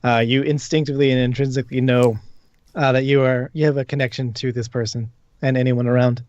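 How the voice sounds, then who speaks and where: A man narrating a live tabletop game as dungeon master, hesitant and filling pauses with ums, on dull lo-fi audio. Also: medium pitch, flat delivery, darkish tone, dry recording.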